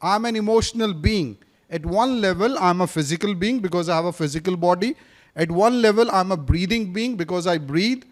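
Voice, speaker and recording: In a classroom with a live audience, a speaking coach with a high voice gives an interactive lecture, quizzing the class. He repeats his points and now and then slips briefly into Hindi.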